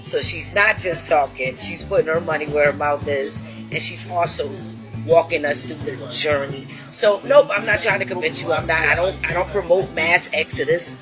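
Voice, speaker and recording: A woman's voice: low voice, normal speed, over music. A woman speaking in an interview in a firm, emphatic way. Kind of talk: interview talk.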